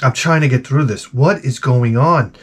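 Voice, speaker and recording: A man's voice: mid-range voice, normal speed, husky. A man ranting sarcastically while giving comedic advice, swearing a lot and sounding exasperated. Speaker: advice vlogger.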